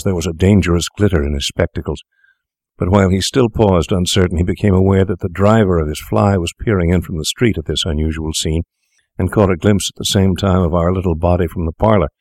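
A man narrating an audiobook in a measured, deliberate way. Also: sits low, darkish tone, no echo, clean studio sound.

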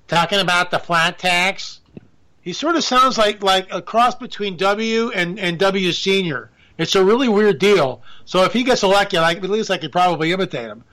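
Male commentator, high and bright voice, ranting sarcastically and excitably in a casual chat. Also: normal speed, low-quality recording. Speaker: political commentator.

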